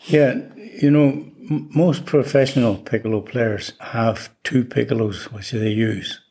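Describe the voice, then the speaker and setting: A man's voice: mid-range voice, fairly even intonation, unhurried, warm tone, breathy edge. An older man, a flute player interviewed as a guest, telling stories in an easygoing way with chuckles. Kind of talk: relaxed anecdotal chat.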